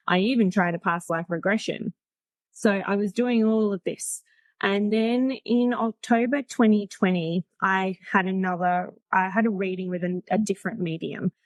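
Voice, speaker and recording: A woman's voice: mid-range voice, no echo. A woman in her forties, a podcast guest, telling her story in a chatty, frank way and laughing easily. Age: 40s. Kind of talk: casual storytelling.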